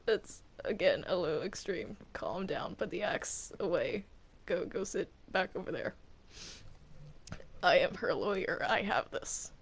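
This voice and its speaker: A hesitant courtroom lawyer, voiced by a player in a casual game role-play. The delivery is slow and halting, full of ums as the lawyer tries to calm everyone down. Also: mid-range voice, slightly rough. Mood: placating. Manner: hesitant, placating, lots of uh and um. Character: flustered courtroom lawyer keeping order.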